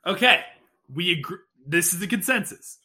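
Bright, fairly high-voiced peacemaking man. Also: expressive, moderate pace. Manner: peacemaking, steers toward compromise. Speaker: podcast co-host. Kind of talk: casual chat.

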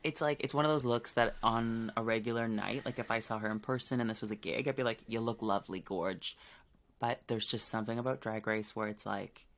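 A podcast co-host chats casually and laughs a lot. His voice is fairly low and a bit bright, with fairly even intonation and a fairly quick pace.

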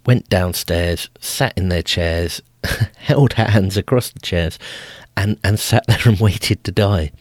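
A man's voice: low-pitched, no echo. A man hosting a podcast, telling family stories in a casual way, amused and laughing often as he goes, with frequent restarts. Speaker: podcast host. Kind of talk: casual storytelling.

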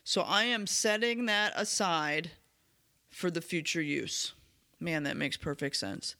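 A man hosting a solo podcast about recovery, talking in an earnest, candid and self-reflective way, his voice slightly hoarse as he clears his throat now and then. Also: on the high side, slow pace, bright, forceful tone. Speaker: podcast host.

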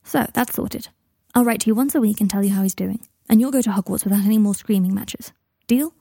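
A woman voicing an earnest young man in a storybook reading, gentle and sincere. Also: medium pitch, fast talker, vocal fry, breathy edge, no room sound, studio quality. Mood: kind. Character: young man writing a heartfelt letter.

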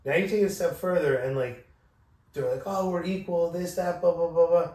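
A man's voice: on the high side, fairly even intonation, fairly quick, dark tone. A man co-hosting a podcast, asking blunt questions and ranting his opinions in casual chat. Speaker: podcast co-host. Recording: echoey room, mic at a distance.

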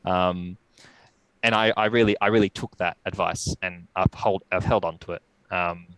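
Deep-voiced man, reflective. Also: little pitch movement, fairly bright tone, clear, resonant tone, no room sound, low-quality recording. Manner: reflective, halting with many restarts. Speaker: podcast guest. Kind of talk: casual storytelling.

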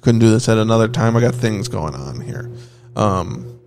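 Man, podcast co-host, gravelly, profane, joking banter, casual. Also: on the low side, animated, normal speed, darkish tone, faint music behind.

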